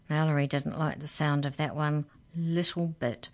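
A woman with a low-pitched voice reads a children's story aloud. Her narration is expressive and gently dramatic. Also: normal speed, few pauses.

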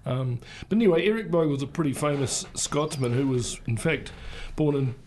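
Un homme avec un accent néo-zélandais, animateur d'une radio locale, qui bavarde de façon décousue avec beaucoup d'hésitations. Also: male voice, mid-range voice, moderate pace, a little mellow, a little hiss or hum. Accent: New Zealand. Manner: rambling, full of ums. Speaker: community radio host. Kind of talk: casual radio chat.

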